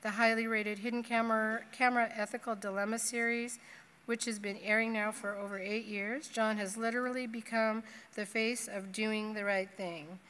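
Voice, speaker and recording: Woman, emcee, reading a bio, slightly high voice, long hall reverb. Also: level tone, normal speed, fairly bright tone. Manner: reads a prepared bio. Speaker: conference emcee introducing speaker. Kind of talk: scripted introduction. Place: large conference hall.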